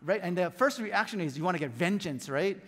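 A man's voice: sits high, animated, brisk, fairly bright tone, big-room sound. A man preaching a sermon, telling a story and acting out scenes and sound effects as he goes. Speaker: pastor. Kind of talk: lively sermon with stories. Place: church hall.

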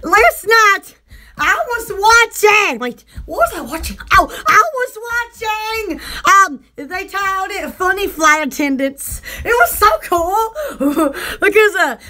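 A woman hosting a casual live stream for her online shop, excitable and giggly, with frequent squeals and exclamations. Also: very high-pitched, slow pace. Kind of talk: casual live-stream chat and product selling.

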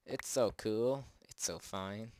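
A man's voice: on the low side, slow pace, noisy background. A man hosting a let's play, chatting and joking at himself with jumpy exclamations. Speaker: gaming channel host. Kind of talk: let's play game commentary.

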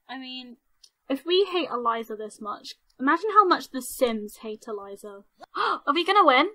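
A young woman doing excitable let's play commentary, squealing and shouting at what happens in the game. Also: high-pitched, low-quality recording. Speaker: gaming channel host.

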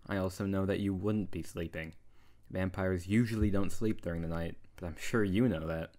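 A prickly young male wizard, voiced by a man for an audio role-play, whose sharp, sarcastic scolding keeps turning protective. His voice sits slightly low. He sounds like a best friend who nags because he cares. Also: steady tone, normal speed, lightly acted. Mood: exasperated. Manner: scolding, sarcastic, then softening.

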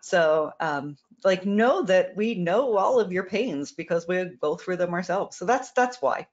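A woman's voice: lowish voice, animated, unhurried, muffled recording. A woman answering product questions in a casual Q&A, frank and explanatory, repeating words as she thinks. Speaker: company co-founder answering questions.

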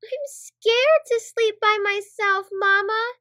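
A woman's voice: extremely high pitch, slow, pushed and bright, no room sound, clean studio sound, pitched above the performer's own voice, heavily acted. A woman voicing a scared, stubborn little boy who whines and pleads in a children's storybook reading. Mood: pleading. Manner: whiny, pleading.

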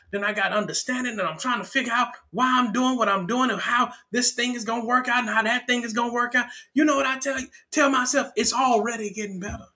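A man's voice: very high-pitched, sharp tone. A male pastor preaching an impassioned sermon at a church service. He calls out to the congregation, stammers through restarts and breaks into song.

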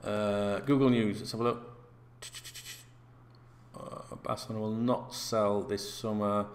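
A man's voice: lowish voice, fairly even intonation, a little slow. A man hosting a football news channel, reading out stories and ranting with sarcastic, sweary asides. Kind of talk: casual ranting news read-through.

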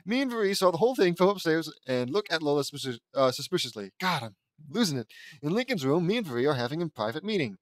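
A man's voice: a little high, very animated, fast, no echo. A man reading a fan fiction story aloud, stumbling over words and breaking off for joking asides. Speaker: audiobook reader.

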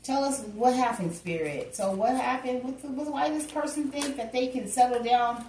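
Woman, tarot reader, casual chatty delivery, higher voice, recorded at a distance from the mic. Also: normal speed, darkish tone, a little hiss or hum. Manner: chatty, exclaiming, addresses listeners directly. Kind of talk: casual tarot reading to viewers. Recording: echoey room, voice off-mic.

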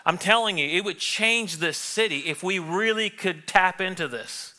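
Preacher, male, fairly high and bright-edged, lively sermon delivery that slips into little acted-out voices. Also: moderate pace. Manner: animated, acts out what people think and say. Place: church sanctuary.

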